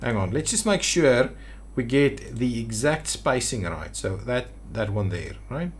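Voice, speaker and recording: A man's voice: mid-range voice, lively intonation, measured pace. Man musing aloud over a city-builder. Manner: thinking aloud, hesitant restarts while building. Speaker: city-builder video creator. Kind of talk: gameplay commentary.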